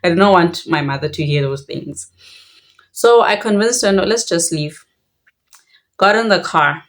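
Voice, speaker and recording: A woman's voice: lowish voice, moderate pace. A young woman with a South African Xhosa accent telling a personal story in a reflective way, switching between languages mid-sentence.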